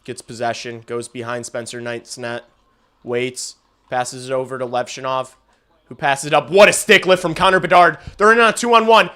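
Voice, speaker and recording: A young man hosting a casual livestream, giving play-by-play of a hockey game, swearing and swinging from muttered asides to loud outbursts. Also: mid-range voice, normal speed. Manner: excitable, swears, shifts between mumbled asides and loud outbursts. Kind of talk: casual live reaction and play-by-play.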